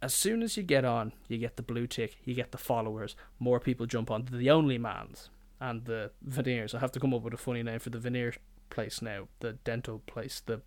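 A man's voice: mid-range voice, fairly quick, hardly any pauses. A young adult man, hosting a podcast in a rambling, jokey, profane monologue. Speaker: podcast host.

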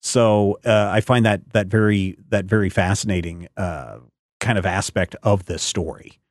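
Low-voiced man hosting a rambling podcast chat. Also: normal speed, no echo, clean studio sound. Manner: rambling, searches aloud for names and details. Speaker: podcast host. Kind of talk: casual chat.

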